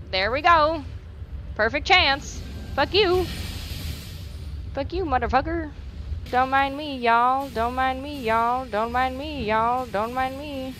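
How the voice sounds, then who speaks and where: A woman's voice: a little high, slight background noise. A young woman doing let's play commentary. She swears freely, repeats phrases and talks back to the game. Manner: animated reactions, repeats phrases. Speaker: gaming YouTuber.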